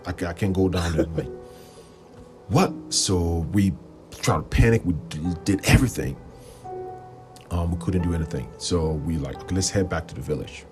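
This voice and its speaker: A man with a very low voice hosts a livestream and tells a long story in a loose, rambling way. He gets animated and jumps up in pitch when he acts out what other people said. Faint music plays underneath. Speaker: livestream host.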